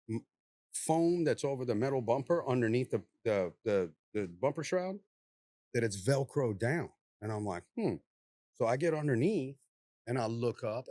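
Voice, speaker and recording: A man, a former narcotics task force officer, telling a story in a casual, animated way, laughing often and swearing freely. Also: mid-range voice, no room sound, clean studio sound.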